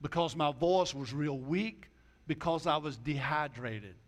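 A man preaching a sermon in a folksy way, dropping his voice low and soft for quoted lines. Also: measured pace. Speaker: pastor.

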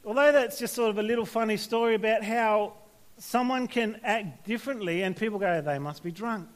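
Guy with a high voice giving a chatty sermon to youth, lots of "right?" and "okay?". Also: brisk. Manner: conversational, anecdotal, frequent restarts and tag questions. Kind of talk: sermon to young people.

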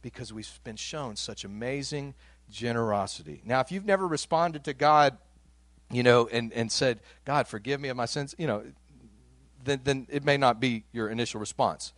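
A man's voice: mid-range voice, moderate pace, fairly bright tone, dry recording. A man preaching a sermon in a conversational way, reading scripture aloud and giving its quoted lines some voice. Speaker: pastor.

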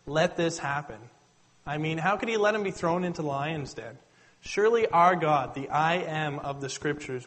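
A man preaching a sermon, retelling the story in a conversational, animated way and addressing listeners directly. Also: fairly high pitch, rough recording.

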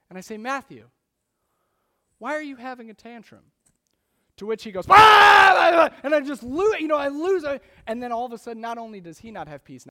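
A man preaching a sermon in a conversational, animated storytelling way, acting out little scenes as he goes. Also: extremely high pitch. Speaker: pastor.

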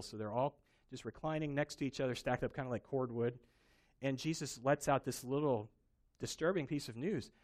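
A man preaching a sermon, telling a Bible story with animated emphasis. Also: mid-range voice. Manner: animated storytelling, acting out quoted voices. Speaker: pastor.

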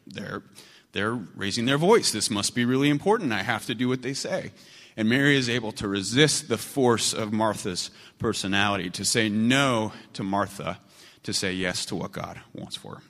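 A man's voice: on the low side, fairly bright tone, in a large hall. A man preaching a sermon as pastor, in a conversational, earnest way.

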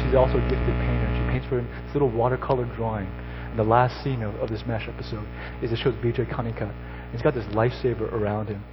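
A man giving a sermon, telling a story and then exhorting his listeners with rising emphasis. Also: medium pitch. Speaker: pastor. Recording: slightly dull recording with faint noise.

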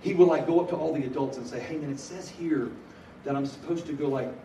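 A middle-aged man preaching a story with humor, animated, shifting from loud bursts to hushed earnest telling. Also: fairly high pitch, fast talker. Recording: echoey hall from far off, noisy.

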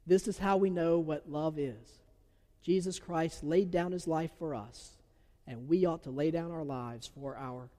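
A man with a Southern accent from Georgia, preaching an earnest sermon as a pastor, moving from loud emphasis to soft near-whispers. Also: a little high, a little slow. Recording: long reverb of a large hall.

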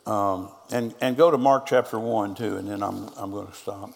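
A man's voice: fairly low pitch, moderate pace, creaky, long reverb tail, a little hiss or hum. A middle-aged man, a pastor preaching a sermon and telling stories, quoting people's words back and forth. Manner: storytelling preacher, quoting others in conversation.

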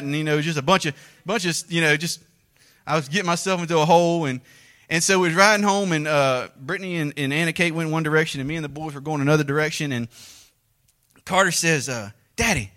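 A man, telling a folksy hunting story as a sermon illustration, shouting out the lively parts. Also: on the high side. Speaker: preacher.

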